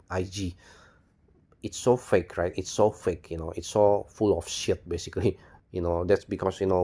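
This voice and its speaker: A man's voice: sits low, mellow. A man rambling through a cynical personal video monologue, repeating himself, swearing and saying "you know" constantly. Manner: bitter, cynical. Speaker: video blogger.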